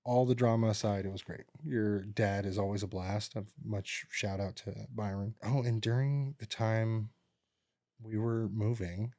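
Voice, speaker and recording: Man, low voice, casual podcast chat, storyteller, acts out quotes, dry close studio sound. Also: fairly even intonation, unhurried, dark tone, no echo. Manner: rambling storyteller who acts out relatives' lines. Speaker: podcast co-host.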